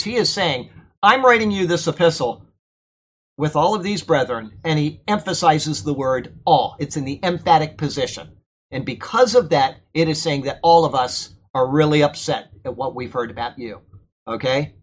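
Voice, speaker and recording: A man teaching a Bible class in a church classroom, lecturing in a conversational, animated way and checking in with frequent okays. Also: fairly high pitch. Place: church classroom during a thunderstorm.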